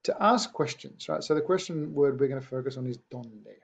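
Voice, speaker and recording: A man's voice: mid-range voice, lively intonation, a little fast, lo-fi sound. A man explaining a Spanish grammar point in a recorded lesson, patient and checking in with his students. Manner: patient, checks in with rhetorical "yeah?". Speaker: Spanish teacher.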